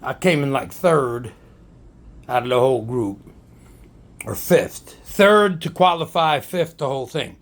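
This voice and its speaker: A man's voice: medium pitch, expressive, unhurried. A man, a bit tipsy, rambling profanely and joking as he shows off his RC cars. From New Jersey. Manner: profane, rambling, joking, says "right?" often. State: tipsy from drinks. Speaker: RC car hobby vlogger. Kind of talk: casual tipsy chat to camera.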